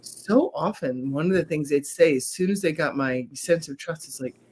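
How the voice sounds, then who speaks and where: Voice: mid-range voice, moderate pace, breathy edge. A speaker in a casual group discussion, telling stories with animation and acting out quotes. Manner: animated storyteller, acts out quotes.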